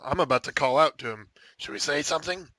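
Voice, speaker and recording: A man's voice: a little high, quick pace, bright, forceful tone, no room sound. A man playing a tabletop game, joking dryly with the table. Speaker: player.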